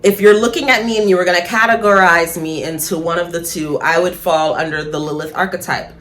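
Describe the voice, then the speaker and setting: A woman talking casually and bluntly to camera, swearing freely, laughing at her own points and slowing down for emphasis. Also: fairly low pitch, steady tone, fairly bright tone. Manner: slows down for emphasis. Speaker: spiritual vlogger. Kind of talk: casual opinion monologue.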